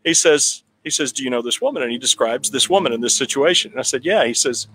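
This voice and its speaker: A man with a somewhat high voice tells a long anecdote at a town hall meeting. He rambles, restarts his phrases and chuckles now and then, like casual storytelling. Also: fast, few pauses, fairly bright tone, slight background noise. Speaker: political candidate telling a story.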